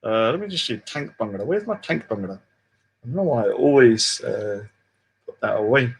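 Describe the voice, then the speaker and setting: Man, livestream host, cocky and mocking, drops swears, mid-pitched voice. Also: lively intonation, moderate pace, breathy edge. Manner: boastful, taunting, swears often, trails off into mumbles. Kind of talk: casual livestream rant.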